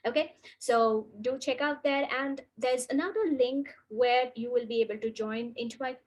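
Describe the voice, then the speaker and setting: A woman teaching an online English grammar lesson, reading out example sentences slowly and deliberately and stressing the rise of question intonation. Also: a little high, fairly even intonation.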